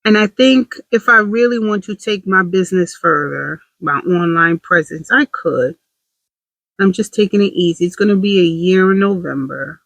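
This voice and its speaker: A woman's voice: lowish voice, normal speed, fairly bright tone, no echo, poor audio. Woman, vlogger, confessional chat, self-deprecating, rambling, dry close sound. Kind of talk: casual confessional vlog.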